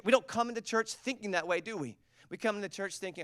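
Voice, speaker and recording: A man's voice: high-pitched, fast, smooth, no room sound, studio quality. A man, preaching a sermon and telling a story, acting out the quotes with energy. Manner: storytelling, animated, acts out quotes. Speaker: pastor.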